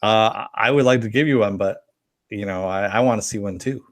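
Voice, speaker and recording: A low-voiced man in casual podcast talk, laughing easily and swearing offhandedly. The sound is dry and close, with no room echo. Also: a little fast. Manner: laughs often, reads out viewer comments, swears casually. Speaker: podcast co-host. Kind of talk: casual chat reviewing a TV episode.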